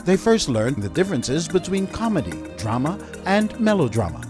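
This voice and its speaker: A man reads scripted documentary narration in a measured, announcer-like voice. His pitch sits a little high for a man and moves a lot from phrase to phrase. Music plays clearly beneath him. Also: very animated.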